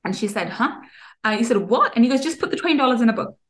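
High-voiced woman giving a motivational talk. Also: expressive, quick pace. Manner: earnest, repetitive, many restarts and fillers. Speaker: podcast host. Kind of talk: motivational podcast monologue.

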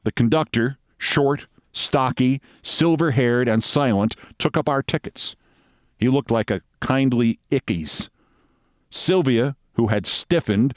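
A man reading a short story aloud as host, with measured, wry storytelling. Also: medium pitch, clean tone, dry recording, clean studio sound.

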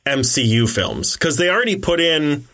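A man's voice: on the high side, sing-song, normal speed, sharp tone. A young man co-hosting a casual podcast, telling stories and trading dry quips. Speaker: podcast co-host. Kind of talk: casual chat.

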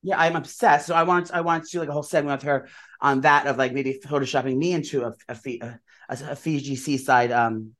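A man's voice: mid-range voice, steady tone, a bit bright. A man co-hosting a podcast, telling gossipy stories in a casual chat. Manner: rapid-fire gossipy storytelling. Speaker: podcast co-host.

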